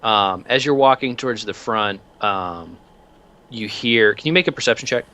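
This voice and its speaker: Bright-voiced man running a tabletop game. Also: on the low side, normal speed. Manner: animated, rambling, many fillers. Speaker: game master.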